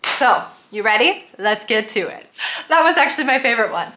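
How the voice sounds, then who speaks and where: A woman in her thirties talking casually to camera as a vlogger, lively and imitating sounds and gestures. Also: fairly high pitch, brisk, slight background noise, low-quality recording.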